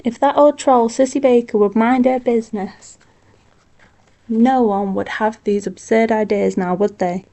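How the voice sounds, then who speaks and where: A woman voicing a feisty, bossy older woman who argues loudly. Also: mid-range voice, fairly even intonation, moderate pace, close to an everyday voice. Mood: menacing.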